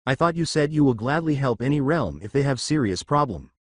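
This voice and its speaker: A man's voice: mid-range voice, animated, fairly quick, no room sound, clean studio sound, lightly acted. A man voicing a cheeky male servant who lectures and mocks his immortal master in a fan story reading. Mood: scolding. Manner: mocking, scolding.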